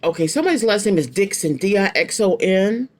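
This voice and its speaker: A woman in her late fifties talks straight to her viewers as she reads tarot cards. She speaks bluntly and chattily and circles back to her key phrases, with slangy, down-home wording and a pitch in the middle range for a woman. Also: expressive, fairly quick, slight background noise. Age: 50s. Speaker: tarot card reader. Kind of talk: casual tarot reading to viewers.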